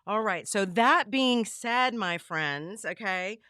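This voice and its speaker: A bubbly middle-aged woman greets her livestream viewers one by one from her home craft studio, her voice slightly hoarse. Her tone stays smooth and resonant despite the strain. The sound is dry and close, with no room echo. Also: mid-range voice, animated, slow, bright, forceful tone. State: losing her voice. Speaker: livestream host. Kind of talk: casual livestream chat.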